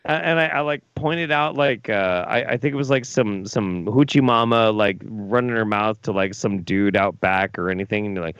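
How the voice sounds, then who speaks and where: A man's voice: fairly low pitch, moderate pace, hardly any pauses, fairly bright tone, clear, resonant tone, no echo. A drunk man co-hosting a talk show, telling a rowdy, profane story and acting out quotes. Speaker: co-host.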